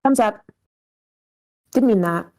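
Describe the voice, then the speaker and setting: A woman's voice: medium pitch, slow pace, darkish tone. A woman with a whiny, nasal voice reading text messages aloud.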